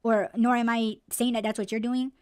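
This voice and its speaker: A woman's voice: on the high side, level tone, brisk, smooth, no room sound, clean studio sound. A woman hosting a podcast, ranting bluntly and swearing freely in a casual, heated way. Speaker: podcast host.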